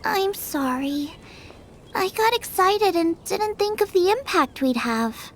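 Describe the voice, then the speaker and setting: A bubbly young food-mad chef. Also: female voice, extremely high pitch, very animated, a little slow, slight background noise, heavily acted. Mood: apologetic. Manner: bubbly, enthusiastic, rambles about recipes. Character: cheerful young female chef, food-obsessed and eager. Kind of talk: game cutscene voice acting. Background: background music.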